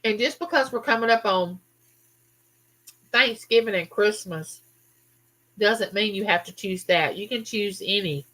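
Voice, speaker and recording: A woman hosting a casual live chat, chatting with viewers and reading out their comments. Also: mid-range voice. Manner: chatty, animated, talks straight to viewers. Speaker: livestream host.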